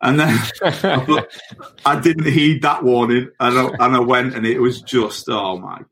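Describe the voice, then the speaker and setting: Laughing his way through stories, a middle-aged ex-footballer chats on a podcast. His mid-range voice is steady, a little slow and a bit bright, with a faint hiss or hum on the recording.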